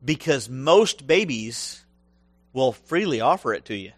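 A man preaching a sermon, animated and humorous, acting out voices from the stories he tells. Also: medium pitch, unhurried, no echo. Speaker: pastor.

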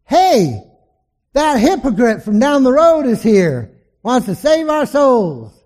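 A man preaching voices a jeering middle-aged male poker player who mocks loudly. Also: very high voice, big pitch swings, takes it slowly, voice pushed up, exaggerated voice. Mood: mocking. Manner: mocking, then panicked pleading.

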